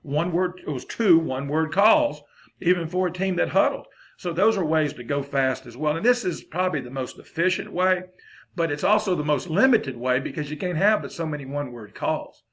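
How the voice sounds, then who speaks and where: A man's voice: on the high side, expressive, fairly quick, fairly bright tone. A man, giving a folksy, rambling football coaching lesson.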